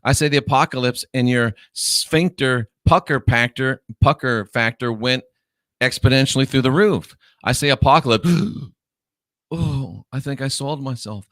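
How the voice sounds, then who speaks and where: A man hosting his own online show, delivering a scornful, lecturing monologue and stretching key words out slowly for emphasis. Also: medium pitch, fairly bright tone, no room sound, clean studio sound.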